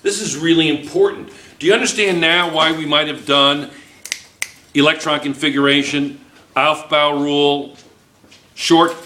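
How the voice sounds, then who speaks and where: A man's voice: fairly high pitch, fairly even intonation, measured pace, bright, forceful tone, a little hiss or hum. A man teaching chemistry to a class, playful and joking, firing questions at his students. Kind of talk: classroom lecture. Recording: echoey classroom.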